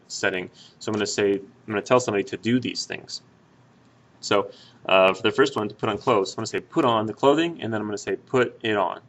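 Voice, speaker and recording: Patient male Spanish teacher, bright voice. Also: on the low side. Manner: patient, step-by-step, with many fillers and restarts. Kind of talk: explaining grammar at a whiteboard.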